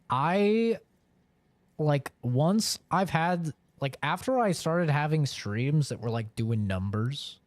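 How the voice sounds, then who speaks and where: A man's voice: fairly high pitch, no echo. A man live-streaming and chatting casually with viewers, rambling along with lots of filler words.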